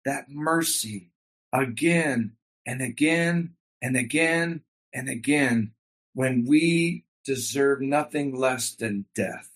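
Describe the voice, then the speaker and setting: A man's voice: mid-range voice, slow, a bit bright. A man preaching a sermon with fervor and emphatic repetition, calling his congregation by a Hebrew word. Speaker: pastor.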